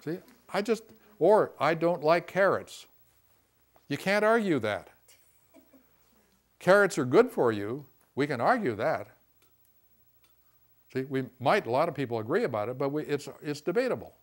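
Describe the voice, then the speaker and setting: A man's voice: fairly high pitch, big pitch swings, a little slow, long pauses. A middle-aged man teaching a class in a room, talking to the group casually and often stressing his points with "see".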